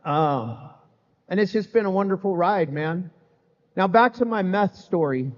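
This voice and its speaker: A man's voice: sits high, lively intonation, measured pace. A middle-aged man sharing his recovery story with a live audience, candid and humorous, talking casually with lots of "man" and "you know". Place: event hall with live audience. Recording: echoey hall, slightly muffled sound.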